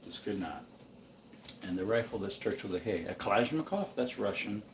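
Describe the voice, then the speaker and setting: Sleepy guy cooking and rambling to his chat, kinda low voice, mic off a ways in an echoey kitchen. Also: animated, normal speed, a little hiss or hum. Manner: rambling, chatty, talks to his chat between tasks. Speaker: live streamer cooking breakfast. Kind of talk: casual live-stream chat while cooking. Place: home kitchen, indoors. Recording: roomy kitchen, mic off at a distance.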